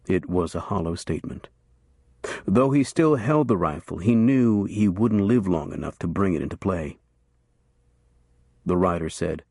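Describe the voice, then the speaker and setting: A man narrating a western novel as an audiobook in a steady, measured storytelling voice. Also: low voice, gravelly, no echo, clean studio sound.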